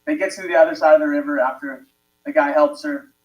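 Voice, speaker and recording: High-voiced man telling a story, far off. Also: sing-song, fast, roomy sound, lo-fi sound. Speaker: group participant. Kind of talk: casual storytelling.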